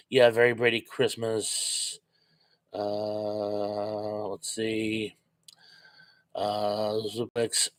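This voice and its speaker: A man hosting a live chat, reading out viewer comments and replying casually. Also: mid-range voice. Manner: chatty, reads viewer comments aloud and answers them with quick asides.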